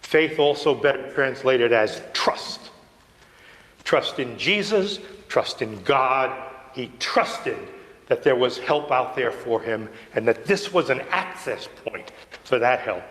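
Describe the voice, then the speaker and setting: A man's voice: medium pitch, expressive, takes it slowly, fairly bright tone. Man preaching in an echoing church. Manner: conversational storytelling, drops to near whisper for guided imagining. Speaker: priest. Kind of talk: sermon. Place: church sanctuary. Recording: long church reverb.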